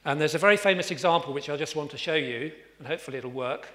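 Male preacher, conversational sermon, bright forward tone, hall reverb around him. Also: on the high side, fast. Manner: conversational, with fillers and restarts, emphatic when reading scripture.

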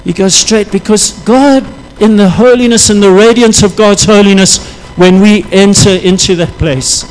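High-pitched male preacher, impassioned sermon delivery, faint traffic noise underneath. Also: steady tone, normal speed, hardly any pauses, poor audio. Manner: impassioned, rises into loud prayerful pleas.

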